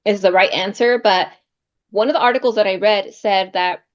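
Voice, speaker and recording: A woman's voice: medium pitch, moderate pace, dull audio. A woman in casual conversation, speaking in a hesitant, thoughtful way. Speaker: guest.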